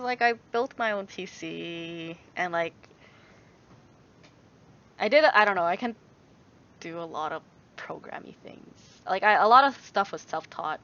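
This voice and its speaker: A young Canadian woman chats loosely with viewers in a vlog, answering their questions while she rambles, restarts sentences, uses lots of fillers and laughs often. Her medium-pitched voice is expressive, pushed and bright, at a moderate pace. The recording is a bit dull and lo-fi.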